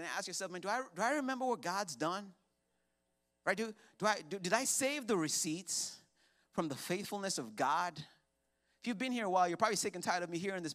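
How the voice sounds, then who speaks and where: A male pastor preaching a sermon to his congregation, swinging between loud emphasis and hushed asides. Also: fairly high pitch. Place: church sanctuary with congregation.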